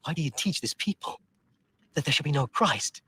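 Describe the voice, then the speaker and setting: A stern British-accented priest. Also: male voice, fairly high pitch, expressive, moderate pace, sharp tone, breathy edge, heavily acted. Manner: stern, questioning. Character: stern male priest questioning a heretic.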